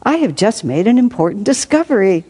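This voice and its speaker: A woman's voice: medium pitch, big pitch swings, a little fast, mellow, husky, pitched above the performer's own voice. A woman voicing a pompous, muddled male philosopher who speaks grandly and then hastily. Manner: grand, then flustered and hasty.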